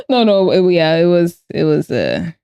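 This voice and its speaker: A woman's voice: medium pitch, dark tone, no room sound. A young woman streamer chatting casually and playfully with her viewers while she draws, often breaking into giggles. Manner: playful, giggly, talks to chat. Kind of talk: casual live-stream chat while drawing.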